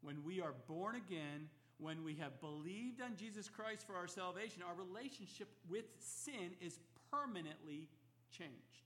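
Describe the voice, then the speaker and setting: A man's voice: sits high, expressive, normal speed, fairly bright tone. A man preaching an expository sermon, emphatic and repeating key phrases for effect. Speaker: pastor.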